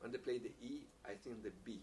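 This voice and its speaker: A man teaching a piccolo masterclass, speaking haltingly, repeating words and using non-native phrasing, with frequent small laughs. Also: medium pitch, warm tone. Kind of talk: masterclass teaching, answering questions. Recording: distant mic with faint background hiss.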